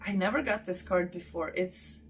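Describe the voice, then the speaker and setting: A woman's voice: on the low side, moderate pace, a little hiss or hum. A woman hosting her channel, chatting casually to viewers as she unboxes, gushing and talking to them directly. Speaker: channel host.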